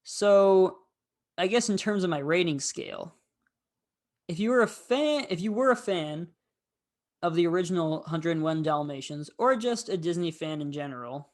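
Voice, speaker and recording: A man gives his thoughts on a film in a loose, unscripted monologue. He has a somewhat high voice, rambles, and uses fillers freely as he talks. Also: animated, moderate pace. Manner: rambling, candid, with frequent fillers. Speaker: film review host. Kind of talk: casual film review monologue.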